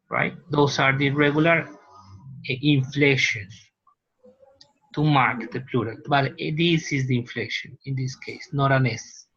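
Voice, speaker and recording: A man's voice: medium pitch, steady tone, unhurried, fairly bright tone, slightly rough, lo-fi sound. A man, a teacher giving a university lecture, explaining patiently and often checking that students follow. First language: Spanish.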